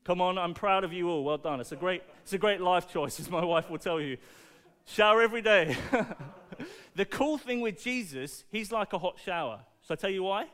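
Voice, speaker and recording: A man preaching a playful, animated talk to children, asking the audience questions and using object lessons. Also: high voice, moderate pace.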